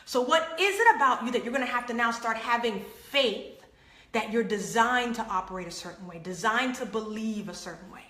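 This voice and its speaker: A woman hosting an inspirational faith talk, telling stories with acted-out quotes and lively laughter. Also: a little high, brisk, reverberant. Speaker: host.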